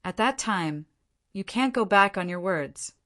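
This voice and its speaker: A woman's voice: mid-range voice, animated, measured pace, a bit bright. A woman reading the lines of a cocky, playful teenage boy in an audiobook, in a light, teasing tone. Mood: mock-excited.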